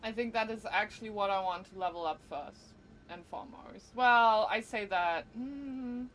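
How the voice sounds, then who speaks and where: A woman's voice: medium pitch, moderate pace, fairly bright tone, a little hiss or hum. A woman streaming a video game, chatting casually and thinking aloud as she plays. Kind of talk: casual live-stream gameplay commentary.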